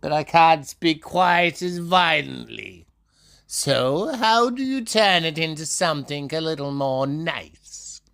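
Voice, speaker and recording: With lively intonation, a man performs a dramatic spoken monologue and story in a gravelly, fry-heavy voice, unhurried and slow. His pitch leaps from bright sing-song down to a sneering growl as he playfully calls out by name to absent listeners.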